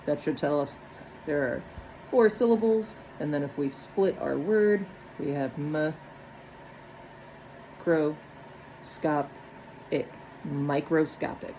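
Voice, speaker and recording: A woman's voice: sits low, animated, unhurried, mellow, slight background noise, poor audio. A woman walking step by step through a phonics lesson on breaking words into syllables, checking in often with "right?". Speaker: teacher.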